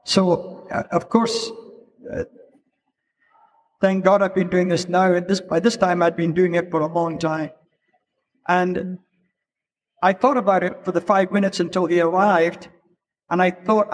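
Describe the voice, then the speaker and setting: High-voiced older man telling stories. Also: level tone. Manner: unhurried, storytelling with frequent 'you know' asides. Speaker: keynote speaker, photographer. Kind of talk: anecdotal stage talk. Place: event hall. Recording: long hall reverb.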